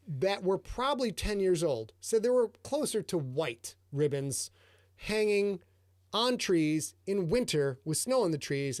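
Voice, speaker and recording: A man hosting a live show, telling a profane, animated story about himself. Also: a little high, no echo. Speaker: host, author.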